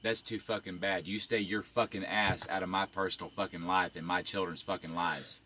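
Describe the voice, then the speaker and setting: A man delivers a heated live-video rant, swearing at almost every turn. His voice sits low and pushes forward with a hard, tense edge. He stays confrontational throughout. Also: little pitch movement, normal speed, bright, forceful tone, slight background noise. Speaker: live-stream vlogger.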